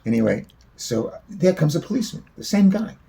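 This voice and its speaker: A man's voice: fairly high pitch, big pitch swings, brisk, creaky, warm tone. A man telling a long, rambling personal story in a casual spoken way, swearing freely.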